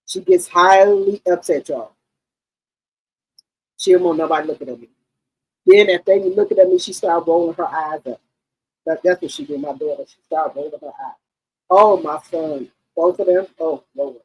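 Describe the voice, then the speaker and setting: A middle-aged woman hosting a livestream, telling stories in a casual, animated, slangy chat and often repeating herself. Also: deep voice, moderate pace, long pauses, slightly rough, poor audio. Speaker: livestream host.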